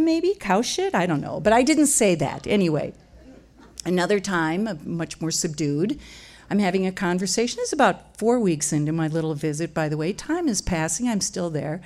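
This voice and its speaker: A middle-aged woman tells a funny story about herself. Her pitch swings widely as she talks, and she mocks herself as she goes. Her voice is animated and sits at an ordinary middle pitch. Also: normal speed. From Wisconsin, USA. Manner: animated, self-mocking, jumps into loud high quoted voices. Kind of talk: comic personal storytelling.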